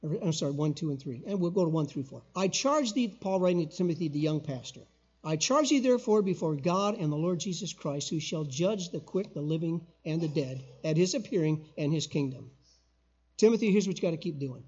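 An older man preaching a sermon as a guest pastor in a church, emphatic, with loud call-and-response bursts. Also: a little high, expressive, a little fast, breathy edge, muffled recording. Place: church sanctuary.

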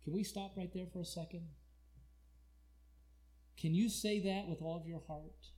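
A man preaching a sermon, swinging between quiet, pleading, drawn-out lines and loud, shouted cries. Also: high-pitched, steady tone.

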